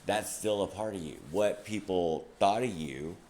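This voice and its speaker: A man's voice: sits low, a little slow, dark tone, a little hiss or hum. A young man talking to camera in a rambling, casual monologue, laughing often and swearing freely. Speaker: vlogger.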